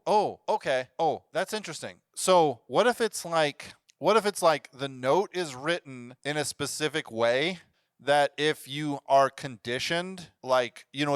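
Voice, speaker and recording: A man with an Upper Midwest accent, co-hosting an improvised storytelling podcast, eagerly thinking aloud and pitching plot ideas. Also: fairly bright tone, smooth, no room sound, clean studio sound. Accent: Upper Midwest American. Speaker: podcast co-host.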